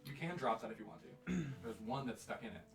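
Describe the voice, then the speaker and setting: A man narrating a tabletop game as game master, in a relaxed, descriptive way with fillers. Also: medium pitch, quick pace, music in the background. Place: room with a group at a table. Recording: roomy, distant mic with crowd chatter.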